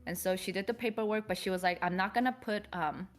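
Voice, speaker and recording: A woman guest on a podcast, calmly recounting a personal story in a measured, reflective way. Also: mid-range voice, faint music behind. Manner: calm, measured, reflective retelling.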